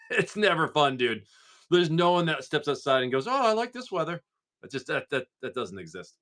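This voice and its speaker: A man's voice: fairly low pitch, bright, forceful tone. A man from Massachusetts hosting a casual live stream, rambling in a laid-back way and swearing freely. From Massachusetts, USA.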